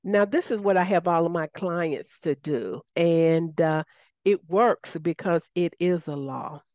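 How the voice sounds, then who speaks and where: A woman's voice: on the low side, unhurried, darkish tone, dry recording, dull audio. A woman with a Southern US accent hosting a radio show, enthusiastic and folksy, calling her listeners y'all. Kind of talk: casual radio talk.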